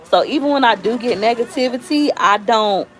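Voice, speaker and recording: A woman's voice: on the high side, moderate pace, slight background noise. A woman from Florida hosting a casual live stream, talking candidly and acting out quoted voices as she tells stories. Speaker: YouTube host.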